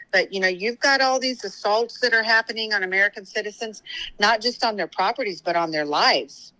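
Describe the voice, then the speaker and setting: A woman with a bright, forceful voice talks politics as a guest on a show. She sounds tired and rambles, stopping and restarting her sentences with plenty of fillers, and her words come out heated. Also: medium pitch, low-quality recording. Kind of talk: casual political talk.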